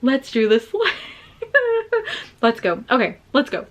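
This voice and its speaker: A young woman hosting a music reaction video, talking casually to her viewers and gasping and stammering with excitement as she listens. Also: high-pitched, takes it slowly, a little hiss or hum. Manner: talks straight to viewers. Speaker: reaction channel host.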